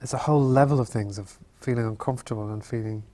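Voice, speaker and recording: A man, an actor as interview guest, telling stories in a halting, thoughtful way and often circling back on his words. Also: mid-range voice, steady tone, mellow. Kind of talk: Q&A interview, reflective storytelling.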